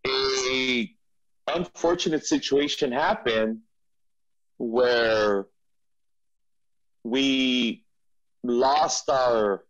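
Animated man telling a story, muffled. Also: medium pitch, very slow, long pauses. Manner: animated storyteller, frequent restarts and repeats. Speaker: podcast guest. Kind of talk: storytelling in a casual interview. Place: studio.

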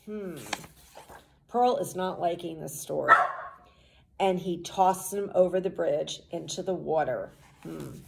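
A woman teacher reading a storybook aloud to children, pausing to explain the pictures and words in a patient way. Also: on the low side, gravelly, heavy background noise.

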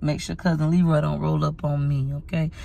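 Chatty woman with a gravelly voice. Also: deep voice, level tone, a little fast, warm tone. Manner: chatty, dramatic storyteller. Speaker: vlogger. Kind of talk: casual chat. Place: parked van at a laundromat.

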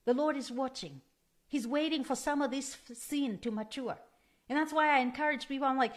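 A woman's voice: sits high, fairly quick. A woman preaching a sermon in an earnest, emphatic way, repeating key phrases for stress.

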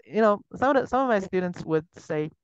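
A man's voice: high voice, animated, fairly quick, clean tone. A man with a Chinese accent, a TOEFL teacher explaining in a casual interview, earnest and full of restarts. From China. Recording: dull lo-fi sound.

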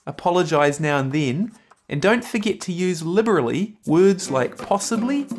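In a scripted comedy sketch, a man with a New Zealand accent plays a flatmate giving advice, explaining things in a relaxed, friendly way. His high-pitched voice has lively intonation and a moderate pace.

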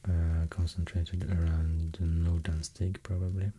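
A man with a Swedish accent speaking softly in ASMR style, half whispering and pausing often with fillers as he rambles through an explanation. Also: sits low, level tone, breathy edge. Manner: soft, mostly whispered, hesitant with many fillers. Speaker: ASMR host.

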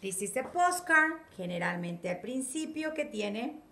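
Animated, high-voiced woman teaching English. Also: moderate pace. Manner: animated, coaxing, repeats words. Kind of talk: online class, mixing English and Spanish. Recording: echoey room, mic at a distance, faint noise.

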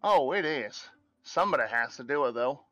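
A man's voice: medium pitch, expressive, fairly quick, bright, forceful tone, faint music behind. A man voicing a cheerful, earnest adventuring band recruiter, breaking into giggles, as improvised game character voicing. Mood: upbeat.

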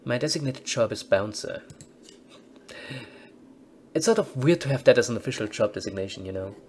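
Man, mid-pitched, let's-play host, casual game commentary, dry wry asides. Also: animated, normal speed, darkish tone, slight background noise.

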